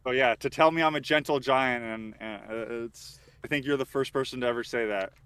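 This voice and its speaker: Dry, smooth-voiced man. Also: medium pitch, a bit bright. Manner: dry, understated, halting. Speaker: podcast guest. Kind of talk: casual chat.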